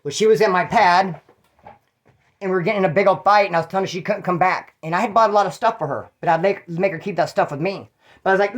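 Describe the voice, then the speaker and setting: A man's voice: high-pitched, fast, a bit bright. A middle-aged man, telling his own stories in a rambling, slangy way and acting out the people he quotes. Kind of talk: casual storytelling monologue.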